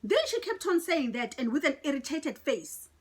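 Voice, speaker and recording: Lady vlogging a storytime, talks to the guys, kinda high voice, very dramatic. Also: sing-song, moderate pace. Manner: chatty, dramatic, addresses viewers as guys. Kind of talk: storytime vlog.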